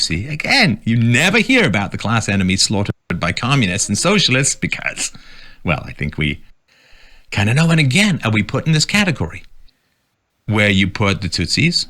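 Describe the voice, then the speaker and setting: Guy doing snarky commentary, kinda low, bright tone. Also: very animated, normal speed. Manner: sarcastic, mocking. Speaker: political commentator. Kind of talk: commentary reading out quotes.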